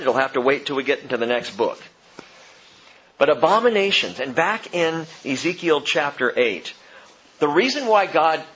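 A man delivers a Bible teaching sermon in a husky, somewhat high voice. He reads expressively, pushing some phrases out loudly and letting others fall to a hush. The recording sounds dull and lo-fi. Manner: expressive reading, swinging between loud emphasis and hushed drops. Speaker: pastor.

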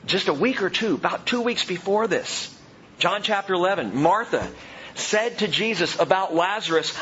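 A man preaching a sermon as pastor, swinging from loud, high emphasis to hushed, slow reflection. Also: slightly rough. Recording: dull, muffled low-fi sound with faint background hum.

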